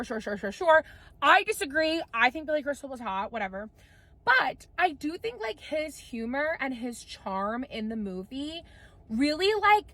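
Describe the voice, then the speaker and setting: A woman's voice: fairly high pitch, a bit bright. A young woman chatting casually to camera, gushing and playful, swearing freely as she talks. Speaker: content creator. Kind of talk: casual chat.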